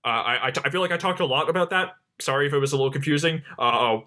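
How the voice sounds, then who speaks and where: A podcast co-host talks through a film in a casual, loose, rambling way, packing his speech with "like." His slightly high voice races along, bright and forceful, with a little hiss or hum on the recording.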